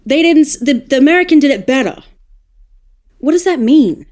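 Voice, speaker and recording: An Australian woman, a podcast guest, talking in a casual, animated, thoughtful way and laughing now and then. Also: high-pitched, moderate pace. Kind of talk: casual panel discussion.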